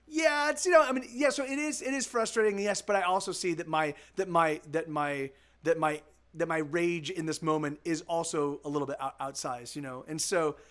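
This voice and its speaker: A man's voice: sits high, a bit bright. A man who is a musician, chatting casually on a live stream, rambling and restarting his sentences, laid-back and profane. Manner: rambling, with many restarts and repeated words. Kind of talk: casual chat.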